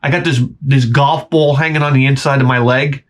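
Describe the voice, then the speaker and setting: A man's voice: medium pitch, steady tone, brisk. A man in his forties hosting his channel, ranting and grumbling with plenty of swearing as he jumps between complaints. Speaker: channel host. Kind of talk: profane comedic rant.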